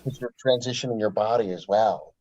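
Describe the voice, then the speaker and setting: A man's voice: lowish voice, fairly quick, dark tone, dull audio. A man speaking as an interview guest in a laid-back, earnest way, often calling the host "man" or "brother". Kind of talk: casual interview chat.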